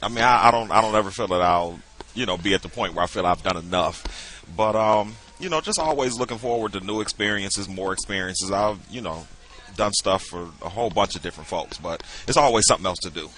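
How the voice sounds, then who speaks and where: A middle-aged man talks as a podcast guest, a musician recounting his gigs. His voice sits slightly low, yet the tone is bright and forward. He tells his stories loosely and fills them with "you know.". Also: fairly quick. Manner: relaxed storyteller, many "you know" fillers. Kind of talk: casual interview chat.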